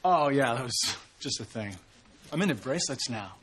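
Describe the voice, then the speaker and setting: A man's voice: mid-range voice, expressive, normal speed, a crowd in the background, close to an everyday voice. A man playing a laid-back, dim slacker boyfriend in a sitcom. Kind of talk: sitcom acting.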